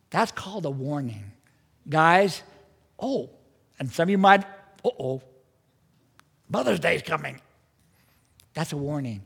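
A man's voice: sits high, expressive, measured pace, vocal fry, pauses often. A man preaching a sermon as pastor, earnest and emphatic, with strong rises in his delivery. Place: church sanctuary. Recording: church hall with long reverb.

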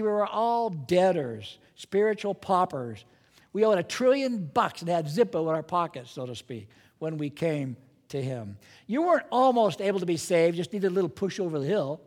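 A man preaches with a high, bright voice, lively and dramatic, firing rhetorical questions at the congregation. His voice rings out with the long reverb of a large church hall. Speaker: pastor. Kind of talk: sermon.

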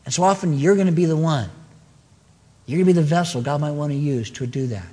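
Male pastor, earnest preacher, slightly high voice, long church-hall reverb. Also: fast, mellow. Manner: earnest preaching with emphatic repeated phrases. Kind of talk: sermon.

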